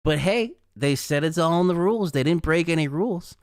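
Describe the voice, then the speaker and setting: A man's voice: a little high, expressive, brisk, clean tone, dry recording, clean studio sound. A young adult man hosting a live weather stream, talking casually through forecast maps and laughing at his own asides. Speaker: weather livestream host.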